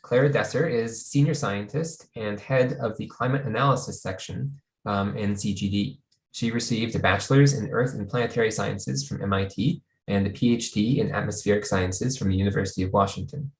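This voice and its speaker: A man's voice: on the low side, brisk. A man hosting a seminar on a video call, reading a formal introduction in an orderly way. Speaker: seminar host and moderator. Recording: echoey room.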